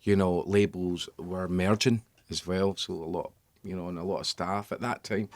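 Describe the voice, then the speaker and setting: A middle-aged Scottish man in a radio studio, chatting in a casual interview, halting and rambling with many restarts. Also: low voice, fairly even intonation, no echo. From Scotland. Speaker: band member guest.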